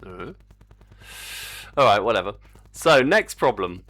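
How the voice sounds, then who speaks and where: A man live-streaming his game development, chatting casually and excitably, swearing freely, into a desk microphone on a stand. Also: fairly low pitch, takes it slowly. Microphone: desk mic on a stand.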